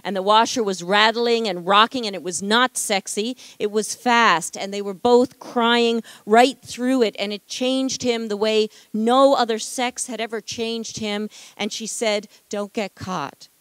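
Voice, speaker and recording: Woman author for an expressive, measured novel reading; close dry sound. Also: fairly high pitch, no echo. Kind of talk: literary reading. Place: library atrium event.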